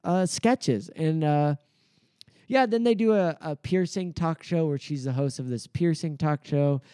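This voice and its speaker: Mellow-voiced man chatting on a podcast. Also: a little high, unhurried, clean tone, dry recording, studio quality. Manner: rambling, frequent uh fillers, amused. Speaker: podcast co-host. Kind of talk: casual chat recapping comedy sketches.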